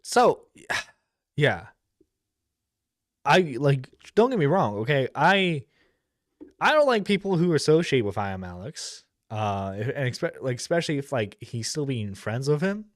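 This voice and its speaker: A man's voice: mid-range voice, sing-song, measured pace, no echo, studio quality. A man giving casual, rambling commentary as a streamer reacting to a video, with lots of fillers and blunt profanity.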